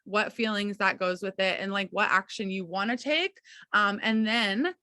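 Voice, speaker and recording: A woman's voice: medium pitch, normal speed, sharp tone, no room sound. A young adult woman leading a team coaching session over a video call, talking in an encouraging, chatty way with lots of fillers and check-ins with her listeners. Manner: encouraging, chatty, many fillers and "okay, you guys".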